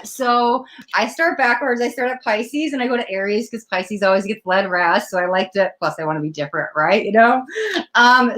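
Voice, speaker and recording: A woman with a slightly high voice runs a live tarot reading, chatting casually with viewers as she pulls cards. She gets excitable and gushing, laughing easily, and her voice comes through a laptop's built-in mic. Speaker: tarot reader.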